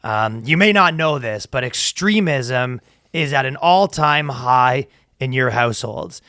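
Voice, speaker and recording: A man's voice: medium pitch, expressive, unhurried, pushed and bright, smooth, dry recording, clean studio sound. A man hosting a comedy podcast in casual chat, joking and laughing often. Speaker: podcast host.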